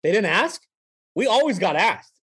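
A young man co-hosting a podcast, telling profane, animated stories in casual chat. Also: high voice, moderate pace, breathy edge. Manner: profane, animated storytelling with acted quotes. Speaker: podcast co-host.

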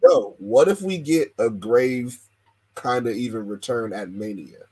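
A man's voice: mid-range voice, measured pace, darkish tone, husky, no room sound. A man co-hosting a casual wrestling podcast, rambling with slang and many fillers. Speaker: podcast co-host.

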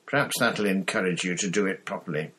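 A man's voice: sits low, fairly quick, fairly bright tone. Man doing a cold, cutting teacher. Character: cold sneering male potions teacher. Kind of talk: audiobook reading.

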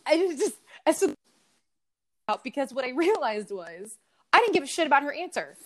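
A woman co-hosting a casual podcast, telling stories in an animated, swearing rant. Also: high voice, normal speed. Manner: animated storytelling with frequent swearing. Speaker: podcast co-host. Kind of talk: casual ranting chat.

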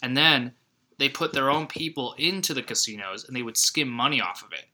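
A man's voice: mid-range voice, a little fast. A man co-hosting a podcast, chatting casually and animatedly about a film and acting out its lines. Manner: animated, acts out movie lines in put-on voices. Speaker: podcast co-host. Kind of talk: casual chat.

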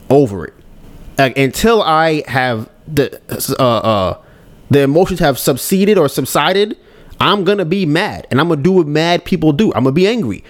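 A man hosting a podcast, talking candidly and rambling about handling his anger, acting out his own thoughts. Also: on the high side. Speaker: podcast host. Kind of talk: casual solo podcast talk.

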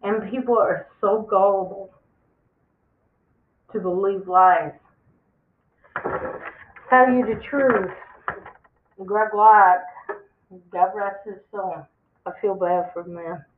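Slow drawl preaching end times, tinny phone-ish sound. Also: mid-range voice, fairly even intonation, echoey room. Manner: emphatic, preachy, repeats for stress. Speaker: religious vlogger. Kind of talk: impassioned end-times warning monologue.

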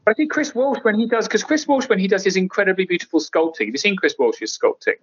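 A man's voice: sits high, expressive, quick pace, a bit bright, slightly rough. A middle-aged man from England co-hosting a podcast, chatting casually, joking and rambling with frequent laughs. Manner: jokey, rambling, laughs often. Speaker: podcast co-host. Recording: muffled lo-fi podcast audio.

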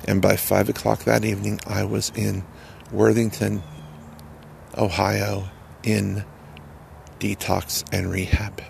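A man telling a personal testimony in a halting, earnest way, repeating words as he goes. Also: on the low side, little pitch movement, gravelly, a little mellow, slight background noise. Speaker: person sharing a recovery story.

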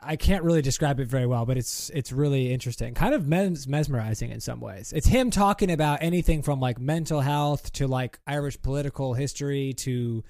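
A man's voice: mid-range voice, fairly quick, few pauses, a little mellow, no room sound, clean studio sound. A man co-hosting a casual podcast chat, rambling with lots of fillers and restarts. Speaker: podcast co-host.

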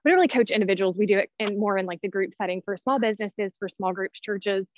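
A fast-talking woman in her thirties with a mid-range voice speaks with no echo. She's a personality-type teacher on a podcast as a guest, chatting casually while out of breath, using lots of fillers and restarts. The audio is dull, dry and lo-fi.

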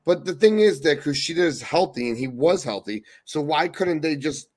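A man's voice: fairly high pitch, lively intonation, moderate pace, darkish tone. A man co-hosting a casual wrestling podcast who teases his co-hosts. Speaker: podcast co-host.

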